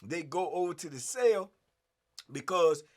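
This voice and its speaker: A middle-aged man telling a story in casual streetwise slang, animated and acting out the scenes. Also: fairly high pitch, unhurried.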